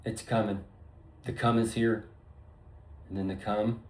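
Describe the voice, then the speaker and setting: A man's voice: on the low side, little pitch movement, unhurried, a little mellow. A man rambling through a profane, free-associating solo monologue to his viewers. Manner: profane, stream-of-consciousness wordplay. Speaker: vlogger.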